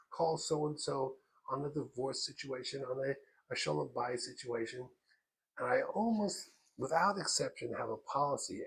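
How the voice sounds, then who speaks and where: A rabbi giving an emphatic, storytelling lesson. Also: male voice, medium pitch, vocal fry, husky.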